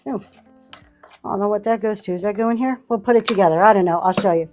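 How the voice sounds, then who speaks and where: A woman's voice: medium pitch, quick pace, a little mellow, soft background music. A woman running a live online auction stream, chatting casually and thanking buyers by name as she shows vintage items. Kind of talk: live selling stream chat.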